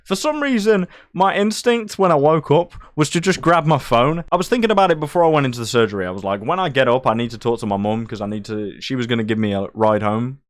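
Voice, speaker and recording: A man spins a personal tale in loose, crude, joke-laden chatter. His voice sits at an ordinary middle pitch, and the sound is close and dry with no room echo. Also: animated, fast, hardly any pauses. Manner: crude, profane and jokey. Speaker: streamer. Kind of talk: casual storytelling.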